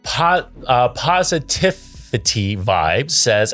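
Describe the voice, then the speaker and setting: A tipsy man hosts a casual podcast, chatting and laughing as he reads out viewer comments. His voice swings freely up and down in pitch, with soft music faintly underneath. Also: expressive, normal speed. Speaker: podcast host.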